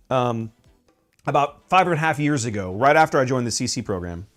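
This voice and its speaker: A man chatting casually on a stream as he paints miniatures, rambling with many fillers and restarts. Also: medium pitch.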